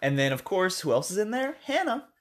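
A man's voice: high-pitched, very animated, a little fast. An American man co-hosting a podcast, chatting loosely about a film, rambling and correcting himself as he acts out lines from it. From United States. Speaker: podcast co-host. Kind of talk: casual film review chat.

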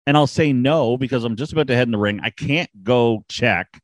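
A man hosting a wrestling podcast and chatting casually, rambling quickly with self-deprecating asides. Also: medium pitch, no echo. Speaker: podcast host and wrestling ring announcer.

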